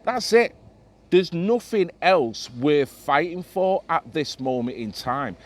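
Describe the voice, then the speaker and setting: A man's voice: on the high side, lively intonation, slow pace. A middle-aged man ranting emphatically to camera in a vlog, swearing freely. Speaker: vlogger. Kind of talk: impassioned monologue to camera.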